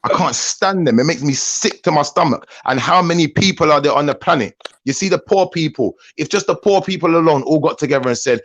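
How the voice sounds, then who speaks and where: A man's voice: on the high side, brisk, hardly any pauses, dry recording, dull audio. A man, ranting angrily on a discussion panel, swearing freely. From Jamaican heritage, raised in UK. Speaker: panel host.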